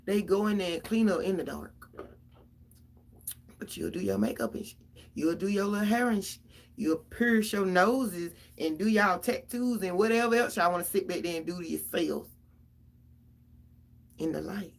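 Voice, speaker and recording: A woman's voice: fairly low pitch, normal speed, pauses often. A middle-aged mother, venting casually and profanely straight to her viewers about her kids.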